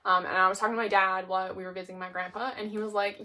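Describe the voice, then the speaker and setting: A woman's voice: mid-range voice, little pitch movement, racing, few pauses, pushed and bright. Chatty young woman book vlogger. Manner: chatty, peppered with "like". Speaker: book reviewer. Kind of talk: casual chat.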